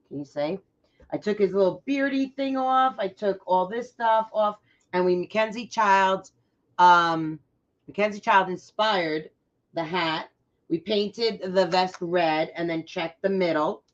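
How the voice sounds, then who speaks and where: Woman craft livestream host, loud and bubbly, bright edge, muffled lo-fi sound. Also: medium pitch. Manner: loud and excitable. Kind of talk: chatty live craft tutorial, greeting viewers. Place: at her craft table.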